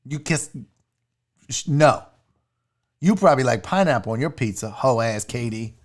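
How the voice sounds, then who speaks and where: Man, young adult, show host, casual rant, profane, mock-angry, very lively pitch. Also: normal speed.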